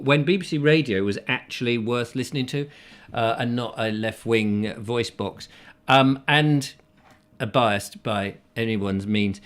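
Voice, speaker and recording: A man's voice: medium pitch, a bit bright. A man with an English accent hosting a comic live chat show, rambling and self-deprecating. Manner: rambling, self-deprecating, fond of silly voices. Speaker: host.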